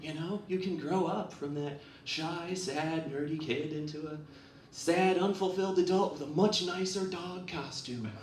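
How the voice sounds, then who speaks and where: A man's voice: a little high, unhurried, few pauses, a little hiss or hum. Young man with dry self-deprecating jokes. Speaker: open mic comedian. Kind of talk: stand-up set. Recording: echoey room, far mic, audience.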